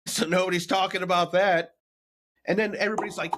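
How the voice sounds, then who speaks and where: A man co-hosting a podcast in casual chat, talking bluntly with mocking, animated rants. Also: high-pitched, fast. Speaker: podcast co-host.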